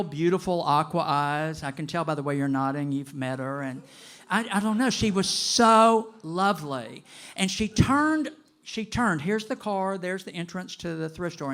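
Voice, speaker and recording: A man in his late sixties telling a personal story to a live audience, animated and gossipy, with dramatic pauses. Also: a little high, vocal fry. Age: 60s.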